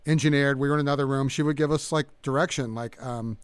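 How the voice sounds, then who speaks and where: Halting soft-spoken middle-aged man. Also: medium pitch, fairly even intonation, smooth, dry recording. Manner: halting, many restarts and fillers, soft-spoken. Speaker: guest musician. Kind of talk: casual interview chat.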